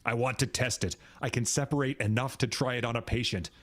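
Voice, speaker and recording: A man giving voice to a pushy male lab scientist, eager and insistent, in an ordinary mid-pitched voice for a storybook reading. He presses his point without letting up. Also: steady tone, brisk, fairly bright tone, no echo, close to an everyday voice.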